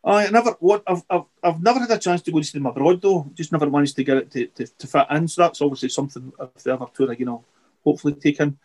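Middle-aged guy rambling on a podcast, voice a bit high, keeps restarting his sentences. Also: darkish tone. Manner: rambling, halting, repeats words. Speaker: podcast guest. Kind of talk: casual interview chat.

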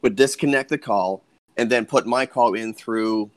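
A man's voice: lowish voice, moderate pace, no echo. A man guesting on a podcast, chatting casually and explaining points with military and old-telephone detail. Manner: speculative, explains with military and phone-era detail.

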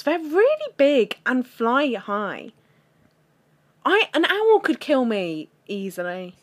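Lively laughing woman podcaster. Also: high voice, takes it slowly. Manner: laughs often, teasing and animated. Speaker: podcast co-host. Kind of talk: casual chat.

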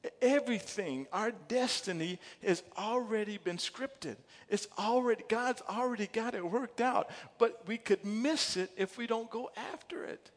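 A man's voice: sits high, normal speed, few pauses. Fervent preacher man in an echoing hall. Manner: fervent, builds from quiet asides to shouted emphasis; stammering restarts and repeated words. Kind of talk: sermon. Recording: long echo of a large hall.

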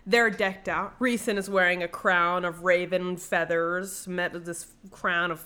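A woman casually recapping a book for her co-host, bright and clear in tone. She swears freely, laughs often and acts out the characters. She sounds a little tipsy from wine. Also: on the low side, level tone, measured pace. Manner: giggly, swears freely, acts out scenes with exaggerated voices. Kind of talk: casual chat.

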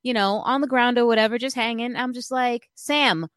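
A woman telling an animated, chatty story in casual talk, full of fillers and acted-out quotes. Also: a little high, brisk, smooth, no room sound.

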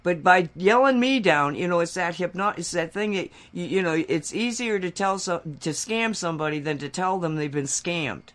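A man co-hosting a talk show, telling a rambling story in casual chat and getting louder and more animated as he goes. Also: moderate pace, hardly any pauses. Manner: animated, getting louder and higher when worked up; rambling with restarts and acted quotes.

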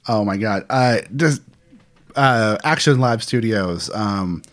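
A man's voice: lowish voice, takes it slowly. A man co-hosting a podcast, chatting casually with playful, joking banter. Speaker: podcast co-host.

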